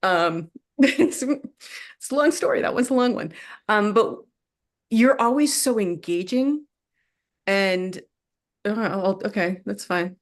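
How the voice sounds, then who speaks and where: A woman's voice: mid-range voice, expressive, slow pace, pauses often. A woman talking casually on a video call, effusive in her praise. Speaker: community member.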